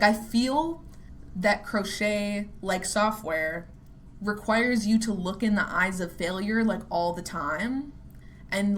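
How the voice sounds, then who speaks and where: A woman's voice: mid-range voice, a bit bright, a little hiss or hum. A young adult woman hosting her own podcast, musing casually in a rambling way, full of "like" fillers, swearing and self-deprecating asides. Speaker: podcast host.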